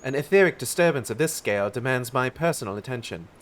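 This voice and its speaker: A man voicing a calm, scholarly female mage who speaks in a measured, formal way. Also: mid-range voice, natural voice. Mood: composed. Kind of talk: reading game dialogue aloud in voices.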